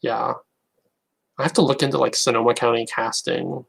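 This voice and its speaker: A man's voice: medium pitch, moderate pace, gravelly, fairly bright tone, breathy edge, rough recording. A man chatting casually to viewers on a live stream, rambling and hesitant with many restarts. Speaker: YouTuber.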